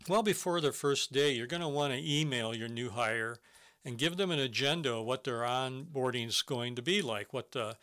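A man's voice: mid-range voice, normal speed, pushed and bright. A man presenting a business webinar, giving earnest step-by-step advice on hiring with some fillers and restarts. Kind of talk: instructional webinar talk.

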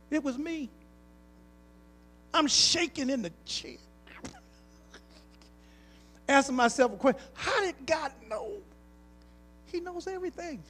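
High-voiced pastor preaching with swing. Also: male voice, animated, moderate pace, pauses often. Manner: preacher's call-and-response, folksy, rising to emphatic. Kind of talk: sermon with personal stories. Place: church sanctuary.

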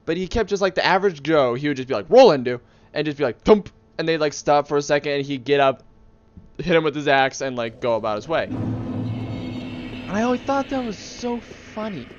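Talking fairly quickly in a slightly high voice, this gaming video host jokes his way through a video game and chats to the enemies. The sound is lo-fi, and loud game music plays underneath his excitable commentary.

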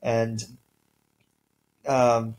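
A male linguistics instructor giving a recorded lecture in a relaxed way, with many ums and uhs and the odd throat clear. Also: medium pitch, very slow, rough recording.

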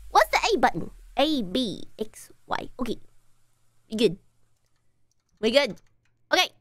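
A woman streaming a game live, playful and excitable, gasping, meowing and talking in cutesy broken grammar. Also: a little high, measured pace, no echo.

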